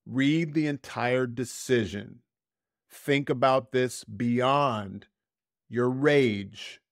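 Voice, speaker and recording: A man hosting a podcast, reading a prepared essay in a measured, deliberate way and slowing down to stress key words. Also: medium pitch, no room sound, clean studio sound. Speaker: podcast host.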